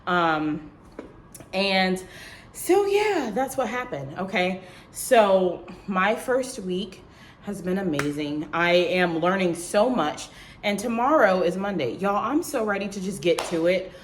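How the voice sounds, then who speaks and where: A young woman vlogging to the camera in casual chat, telling a lively story and acting out what others said in a higher voice, checking in with "okay?" as she goes. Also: slow pace, a little hiss or hum. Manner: animated storytelling, acts out quotes in a high voice; talks straight to viewers, tags lines with "okay?" and "girl".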